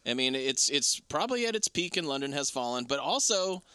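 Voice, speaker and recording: A man's voice: mid-range voice, big pitch swings, brisk, sharp tone, smooth, dry recording, studio quality. A man co-hosting a movie podcast, talking in a loose, rambling way with frequent restarts. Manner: rambling, many restarts and impressions. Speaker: podcast co-host. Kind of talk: casual film chat.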